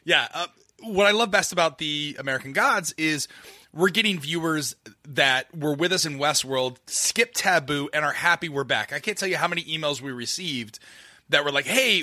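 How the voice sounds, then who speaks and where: Male podcast co-host from Florida, chatty and loose, bright forceful tone, slightly high voice. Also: dry recording, studio quality. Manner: chatty, loose, many fillers and restarts. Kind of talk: casual podcast chat.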